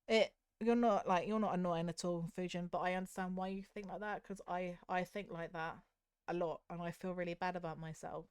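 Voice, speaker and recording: A young woman from the south of the UK with a Southern English accent, chatting openly with her stream viewers in a soft, candid, self-critical way with hesitant restarts. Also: fairly low pitch, smooth, no echo, clean studio sound. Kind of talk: casual chat with stream viewers.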